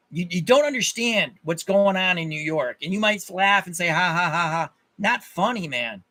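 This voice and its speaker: A man's voice: high-pitched, sharp tone, slightly rough. A man ranting to his viewers in an angry, profane monologue, often repeating himself and restarting his sentences. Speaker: channel host.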